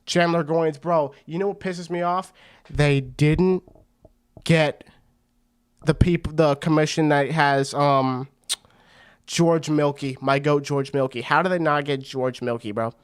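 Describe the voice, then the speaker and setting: A man's voice: fairly high pitch, slow, clear, resonant tone. A man hosting a fight watch party, giving casual, rambling commentary full of slang. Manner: excitable and rambling, slangy with frequent "bro".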